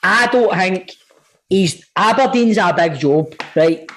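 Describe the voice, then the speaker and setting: A man's voice: sits high, animated, slow pace, fairly bright tone. A Scottish man co-hosting a podcast, swearing and laughing through casual banter. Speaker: podcast co-host. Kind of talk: casual chat.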